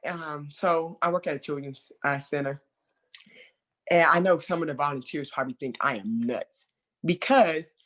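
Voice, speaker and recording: A woman who works at a children's center, talking casually and expressively with lots of fillers over a video call. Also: sits low. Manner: expressive, conversational, many fillers like "like". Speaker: children's center worker sharing experience. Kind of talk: casual training discussion.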